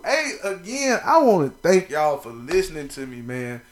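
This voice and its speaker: Young guy doing a sports podcast solo, voice jumps all over, cussing and hyping, kinda high. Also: measured pace. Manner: animated, profane, playful trash talk with shout-outs. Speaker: podcast host. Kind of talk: casual sports podcast monologue.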